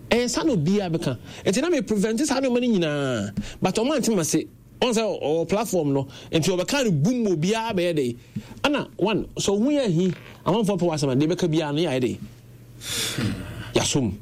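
His voice sits high and moves fairly quickly as this young Ghanaian man, speaking with a Ghanaian accent, tells stories in a casual exchange. He's animated, alternating Twi and English, against faint background noise.

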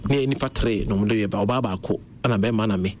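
Racing along in a lowish voice, a young man with a Ghanaian accent tells stories in casual conversation. He's animated and switches between Twi and English, and faint background noise is present in the recording.

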